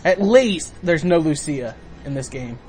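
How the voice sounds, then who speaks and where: A man's voice: fairly high pitch, animated, unhurried, a little mellow, slight background noise. A man hosting a let's play, chatting casually, laughing often and explaining game mechanics. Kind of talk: casual gameplay commentary.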